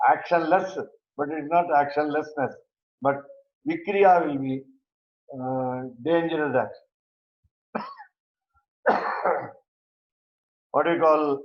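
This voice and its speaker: A man teaching a verse-by-verse scripture class, speaking haltingly with many pauses and fillers. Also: a little high. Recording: roomy, dull lo-fi recording.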